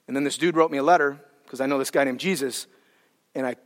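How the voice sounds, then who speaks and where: A man voicing Onesimus, a freed former slave, in a relaxed, slangy way, a little lower than his own speaking voice. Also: fast, close to an everyday voice. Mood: easygoing. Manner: laid-back slangy talk, lower than the preacher's own voice. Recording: hall with long reverb.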